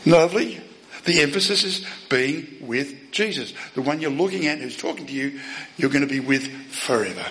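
Man, preacher, sermon, forceful, emphatic, rhetorical questions, loud then soft. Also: on the high side, expressive, normal speed, slight background noise, low-quality recording. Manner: asks the listeners rhetorical questions.

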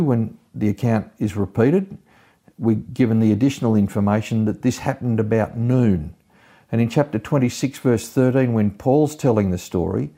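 Brief: male preacher, very dark mellow tone, measured teaching delivery. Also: lowish voice, gravelly. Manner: measured, explanatory, retelling scripture. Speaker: Bible teacher. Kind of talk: expository Bible teaching.

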